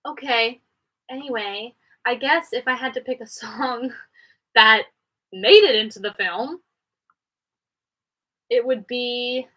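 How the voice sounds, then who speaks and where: A woman's voice: fairly bright tone, low-quality recording. A woman from Canada hosting a live question-and-answer stream from a home studio, chatting casually and rambling from one thought to the next. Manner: chatty and rambling, quick jumps in pitch. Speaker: livestream host answering viewer questions. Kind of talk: casual chat.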